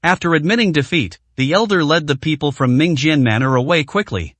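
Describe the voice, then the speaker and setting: Lively, fairly high male storyteller. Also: brisk, hardly any pauses, no echo. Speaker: narrator. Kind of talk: scripted story narration.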